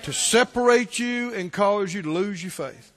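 A man's voice: high voice, normal speed, big-room sound. A man preaching a sermon as a pastor, emphatic and repetitive, firing rhetorical questions at his listeners.

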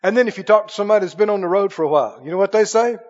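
A man's voice: sits high, very fast, in a large hall, highs cut off. A man preaching a sermon as pastor, emphatic, leading the congregation in call-and-response and acting out quoted voices.

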